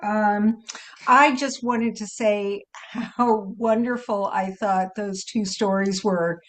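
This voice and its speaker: Slow-speaking, encouraging woman. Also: mid-range voice, steady tone.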